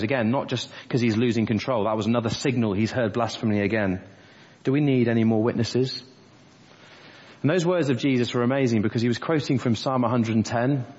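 A man delivering a sermon, his voice husky and a little breathy. He talks earnestly through the passage verse by verse. The sound is dull and lo-fi, with a long reverb from the church hall. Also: lowish voice, a little mellow. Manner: earnest expository preaching, quoting scripture verse by verse. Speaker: preacher.

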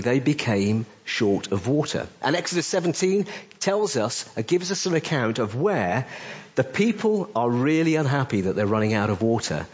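A male pastor preaching a sermon with emphatic delivery, his voice rising on questions and dropping low on key phrases. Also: dull audio. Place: church.

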